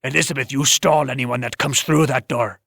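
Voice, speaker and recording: Man doing Finn, a gruff commanding tavern owner. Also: mid-range voice, steady tone, moderate pace, fairly bright tone, no echo, clean studio sound. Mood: curt. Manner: curt, bossy.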